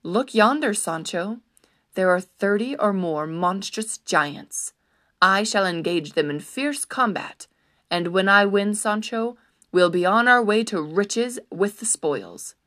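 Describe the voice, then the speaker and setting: A woman's voice: medium pitch, animated, takes it slowly, fairly bright tone. A woman voicing a deluded old knight in a storybook reading, declaiming in lofty, old-fashioned speech. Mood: boastful.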